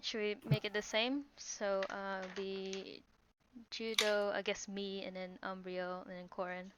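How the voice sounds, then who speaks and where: A woman's voice: mid-range voice, little pitch movement, measured pace, slight background noise. A woman playing a tabletop game, chatty and often laughing. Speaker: player. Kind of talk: casual chat, tabletop role-play.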